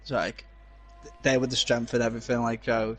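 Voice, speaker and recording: A man's voice: mid-range voice, little pitch movement, a little fast, a bit bright. A man from Glasgow co-commentating a sim-racing event live, hesitant and full of fillers as he jokes with his co-host. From Glasgow, Scotland. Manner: hesitant, with frequent fillers and restarts. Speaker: race co-commentator.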